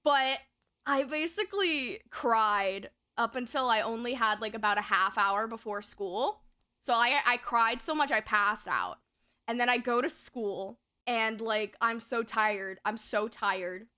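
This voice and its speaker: A woman's voice: on the high side, measured pace, bright, forceful tone. A young woman streamer telling a story in casual, rambling chat, full of fillers, laughter and swearing, at a home desk mic.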